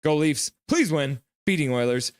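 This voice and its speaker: A man's voice: lively intonation, moderate pace, no echo. Chatty male hockey streamer, dry sound. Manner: chatty, reads viewer comments and acts them out in sudden high shouts. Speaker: hockey live-stream host. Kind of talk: casual live-stream reaction, reading chat aloud.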